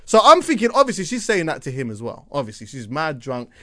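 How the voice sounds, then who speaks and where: A man telling a long story on a podcast in a lively, animated way, repeating words for effect and checking in with "yeah?". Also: a little high, fast talker. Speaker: podcast co-host. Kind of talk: casual storytelling chat.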